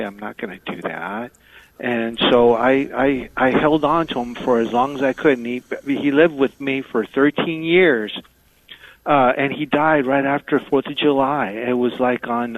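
A man from South Texas calling into a radio show, speaking haltingly with many pauses. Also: mid-range voice, no echo. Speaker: caller. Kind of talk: call-in radio chat. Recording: dry, tinny phone line.

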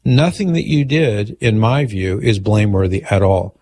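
A man with a fairly low voice hosts a talk radio show. He reads listener emails aloud and answers them in an easygoing, measured manner, chuckling now and then. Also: lively intonation, a little mellow.

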